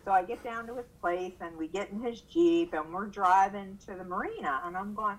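An older woman being interviewed, telling lively stories about her son and acting out the quoted voices. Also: brisk, few pauses, rough recording. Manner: animated, acts out quoted voices with big pitch jumps. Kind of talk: casual storytelling in a conversation.

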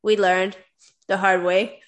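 A woman's voice: mid-range voice, level tone, takes it slowly. A young woman hosting an interview, rambling chattily with many fillers and frequent giggles. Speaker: interview host. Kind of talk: casual interview chat.

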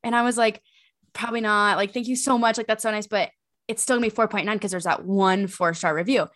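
Young woman podcast co-host, rambling and animated, lots of fillers. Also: medium pitch, fast. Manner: rambling, animated storytelling with many fillers and laughs. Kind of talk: casual chat.

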